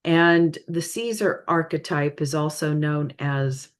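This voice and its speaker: A woman giving a spiritual reading in a casual, hesitant way, apologizing often, her voice tired and straining. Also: sits low. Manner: hesitant, apologetic, halting with many fillers. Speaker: spiritual reader.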